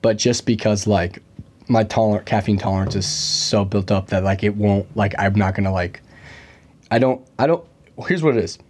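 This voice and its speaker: A man's voice: on the low side, moderate pace, a little mellow. A young man hosting a casual podcast chat, joking and rambling with plenty of fillers. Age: young adult. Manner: chatty, joking, full of fillers. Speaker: podcast host.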